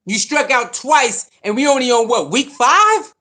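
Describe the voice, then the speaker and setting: A sports commentator with an extremely high-pitched voice speaks at a measured pace. He delivers a heated, casual rant about a football team's quarterback choices, animated and preachy, repeating himself often.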